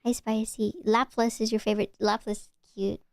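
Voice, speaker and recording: Chatty high-voiced woman streamer. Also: flat delivery, normal speed, vocal fry, darkish tone, no echo, studio quality. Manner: chatty, stammering restarts, gushing. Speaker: VTuber streamer. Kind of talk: casual chat with live chat.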